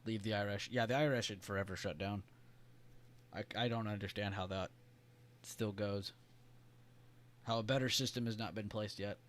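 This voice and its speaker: Swearing, rambling streamer. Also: male voice, fairly low pitch. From United States. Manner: rambling, profane, joking. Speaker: live-stream trading host. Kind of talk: casual live-stream chat, reading viewer comments.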